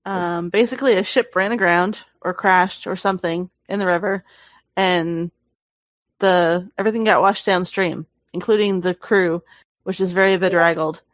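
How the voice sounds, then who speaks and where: A woman's voice: lowish voice, fairly even intonation, normal speed, dry recording. A woman co-hosting a gaming podcast, chatting casually and explaining things with fillers and restarts. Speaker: podcast co-host.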